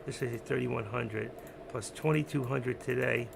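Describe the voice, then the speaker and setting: A man's voice: steady tone, a little slow, slight background noise. A man hosting a live trading stream, rambling casually about his trades and breaking off to talk to his cat. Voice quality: gravelly. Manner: rambling, talks to his cat in a high sing-song voice.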